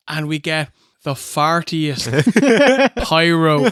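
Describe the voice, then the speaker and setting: An Irish man co-hosts a review show, telling stories at an unhurried pace and slipping into impressions of the people in them. The recording is close and dry. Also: fairly high pitch, clear, resonant tone, dry recording. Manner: animated storytelling, mimics people. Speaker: podcast co-host. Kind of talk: casual review chat.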